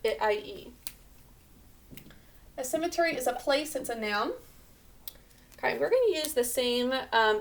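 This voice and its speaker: A woman teacher giving a recorded spelling lesson, patiently sounding out each syllable and letter sound. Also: a little high.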